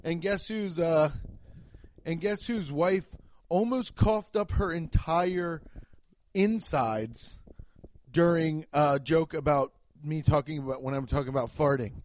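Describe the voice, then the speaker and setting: A young man talks his way through a casual comedy podcast monologue, swearing freely and rambling from one story to the next. His voice sits fairly high for a man, and it jumps up suddenly whenever he acts out a punchline. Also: slow, a little mellow. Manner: profane, jokey storytelling with abrupt pitch jumps.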